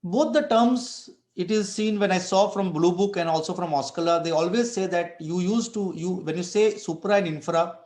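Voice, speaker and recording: The speaker, a man lecturing online, has a high, slightly mellow voice at normal speed with few pauses, in a room with echo. His explanation proceeds step by step, full of restarts and "right?" tag questions.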